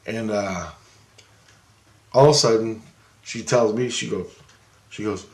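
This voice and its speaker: Man, gravelly voice, excitable and rambling, swears freely; echoey room sound. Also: on the low side, a little slow. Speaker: storyteller. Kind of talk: casual anecdote.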